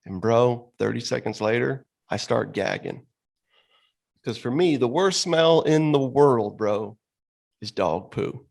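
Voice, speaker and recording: Man, gravelly voice, casual storytelling, laughs a lot, podcast co-host. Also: mid-range voice, a little slow, a little mellow. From Florida. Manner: storytelling, laughs often, says bro and dude. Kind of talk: casual chat.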